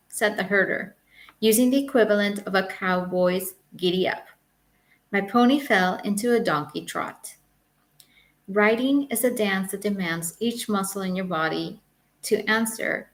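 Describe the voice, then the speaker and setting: A woman reading her own travel memoir aloud in a wry, measured storytelling manner. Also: mid-range voice. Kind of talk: audiobook memoir narration.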